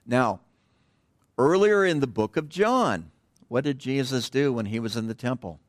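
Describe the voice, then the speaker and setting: Middle-aged male pastor, relaxed conversational sermon, rambly asides, trails off quietly, dry close sound. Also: mid-range voice, unhurried, dry recording. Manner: digressive, drops to a hush at phrase ends. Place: church.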